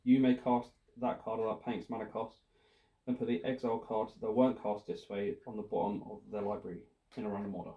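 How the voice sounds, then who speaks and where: A man playing a casual card game, announcing moves and reading cards deliberately. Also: lowish voice, little pitch movement, narrow, tinny audio. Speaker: player. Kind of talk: casual tabletop game play. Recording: echoey room.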